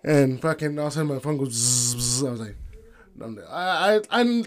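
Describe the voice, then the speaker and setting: Fast-talking man. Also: on the high side, big pitch swings. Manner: fast, profane, code-switching into Spanish. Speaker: podcast co-host. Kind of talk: casual storytelling chat.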